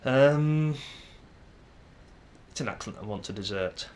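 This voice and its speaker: A man's voice: medium pitch, lively intonation, takes it slowly, a little mellow. A young man with a Manchester English accent, musing aloud to camera in a casual vlog, hesitant and full of ums and restarts. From England. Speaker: vlogger.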